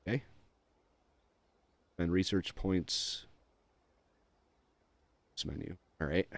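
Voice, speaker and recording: A man's voice: low voice, slow, dry recording. A man casually walking through a strategy game, reading on-screen text aloud with frequent fillers and dry offhand asides. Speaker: gameplay video host.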